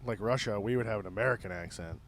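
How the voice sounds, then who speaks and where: A man co-hosting a podcast, laid-back and agreeable, tossing in quick quips. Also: lowish voice, a little hiss or hum. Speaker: podcast co-host. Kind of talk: casual chat.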